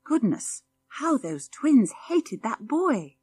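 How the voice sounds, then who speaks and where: A woman narrating an audiobook, telling the story in a clear, expressive way. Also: low-pitched, moderate pace, few pauses, dry recording. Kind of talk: scripted narration.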